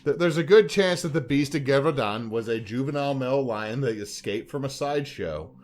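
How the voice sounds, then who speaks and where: A man's voice: mid-range voice, brisk, a little mellow, a little hiss or hum. A man co-hosting a podcast in casual chat, rambling and joking as he talks. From Louisiana. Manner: rambling, joking, puts on silly voices. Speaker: podcast co-host.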